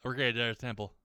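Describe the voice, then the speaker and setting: A man's voice: mid-range voice, gravelly, sharp tone, no echo, clean studio sound. A man rambling in casual let's-play commentary, self-deprecating and swearing freely. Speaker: gaming channel host.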